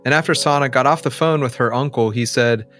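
A man's voice: mid-range voice, fast, a bit bright, faint music behind. A man hosting an interview, reflective and affirming, who often checks in with "right?". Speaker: host. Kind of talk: podcast interview and narration.

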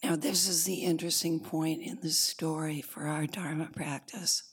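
Woman meditation teacher retelling a story in a dharma talk, low husky voice. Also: steady tone. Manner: soft, unhurried, breathy storytelling.

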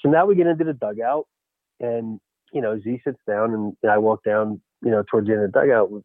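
Animated man telling a story by phone. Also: fairly low pitch, fairly quick, no room sound. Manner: animated, full of "you know" and "right?". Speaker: former baseball coach. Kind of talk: storytelling in a radio interview. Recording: tinny phone line.

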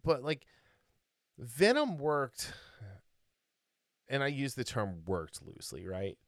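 A man's voice: mid-range voice, very animated, slow pace, dry recording, studio quality. A man co-hosting a podcast in casual chat, rambling and opinionated, with many fillers and restarts. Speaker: podcast co-host.

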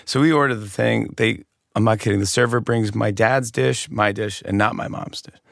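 Man, gravelly voice, lively storytelling, close dry studio mic, middle pitch. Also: no room sound. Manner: animated, acts out voices, quick bursts. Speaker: comedian guest. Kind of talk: casual storytelling chat.

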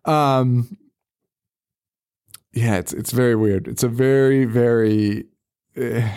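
A man's voice: mid-range voice, slow, a little mellow, clean tone. Profane, laughing man telling stories. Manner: rambling, profane storytelling, laughs often. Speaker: podcast co-host. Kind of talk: casual chat.

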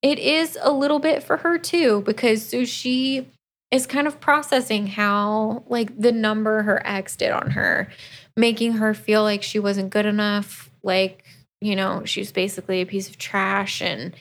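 A woman co-hosting a casual book podcast. She talks at a slow, easy pace. She retells the plot and slips in quick, lively quoted asides. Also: mid-range voice. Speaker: podcast co-host. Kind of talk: casual book review chat.

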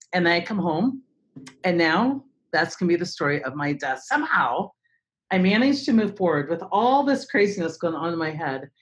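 Woman in her 40s spinning a wild story for an interviewer, lowish voice, really animated, jumps into little character voices. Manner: animated, dramatic storyteller who acts out voices. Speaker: speaker and trainer.

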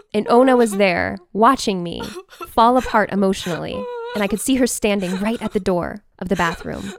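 A woman telling a personal story in an animated, expressive way, with quick bursts. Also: mid-range voice.

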